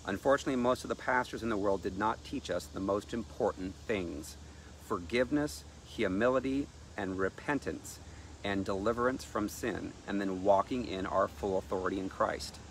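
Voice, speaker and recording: A man preaching with a fairly low voice, pressing each point hard and reading scripture aloud. Faint noise sits behind his voice. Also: normal speed. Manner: emphatic, reads scripture aloud. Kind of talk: sermon-style teaching.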